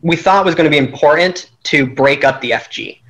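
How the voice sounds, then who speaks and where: A man's voice: on the high side, a little fast, fairly bright tone, rough recording. A man casually recapping a strategy game he played, telling it animatedly and laughing at his own schemes.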